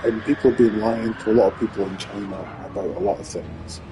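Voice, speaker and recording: A man streaming live, rambling and swearing through an animated monologue. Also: fairly low pitch, a little fast, background noise.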